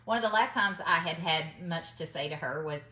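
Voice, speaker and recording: Middle-aged woman, chatty emphatic storytelling, lowish pitch, echoey room. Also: brisk, pushed and bright. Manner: chatty, emphatic, addresses viewers as y'all. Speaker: vlogger giving business mindset advice. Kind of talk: casual storytelling to camera.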